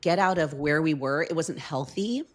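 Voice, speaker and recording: A woman's voice: low voice, moderate pace. A middle-aged woman as a podcast guest, telling a personal story in casual chat with heartfelt emotion.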